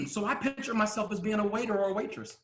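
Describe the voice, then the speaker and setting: A man giving a motivational speech to a live audience from a stage, emphatic and full of rhetorical questions and pauses. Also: high voice, reverberant. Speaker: motivational speaker.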